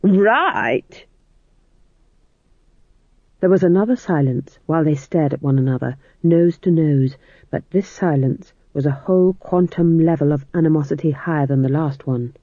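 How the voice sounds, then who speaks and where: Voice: medium pitch, fairly quick, dark tone, dry recording. An audiobook narrator reading a story in a dry, wry manner. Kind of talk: scripted narration. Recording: tinny phone-like audio, dry.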